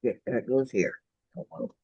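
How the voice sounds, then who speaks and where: A man hosting a crafting video call, chatting casually and laughing often, with his voice going hoarse. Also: mid-range voice, moderate pace, dry recording. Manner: chatty, laughs often, greets viewers warmly. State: losing his voice. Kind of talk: casual chat while crafting. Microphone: computer microphone on a video call. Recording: dull lo-fi video call audio.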